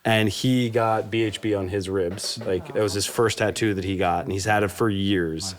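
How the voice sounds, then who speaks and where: A man in his thirties co-hosting, speaking in relaxed, plain casual chat and asking short questions. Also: on the low side, moderate pace.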